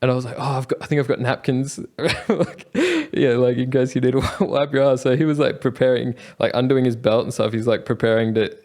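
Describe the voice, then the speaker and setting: A man's voice: medium pitch, level tone, a little fast, few pauses, a little mellow. A young man casually telling a travel story, rambling with many fillers and frequent laughs. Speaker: travel vlogger.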